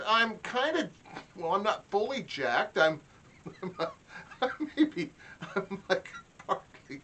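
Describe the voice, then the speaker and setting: A middle-aged man telling a comic story in a mock-indignant, animated way. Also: sits high, slow pace, long pauses. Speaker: comedy vlogger. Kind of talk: comic monologue.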